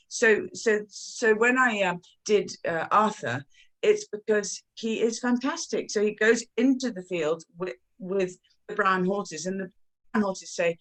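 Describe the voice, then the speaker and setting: A woman and children's author talking effusively about her books at a launch interview, with many halting fillers and animated storytelling. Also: mid-range voice, low-quality recording.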